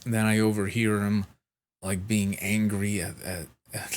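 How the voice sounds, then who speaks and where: A man with a lowish voice tells a long story at an unhurried, drawn-out pace. He sounds sleep-deprived, swears freely and keeps restarting his sentences in casual vlog chat. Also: little pitch movement. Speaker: vlogger.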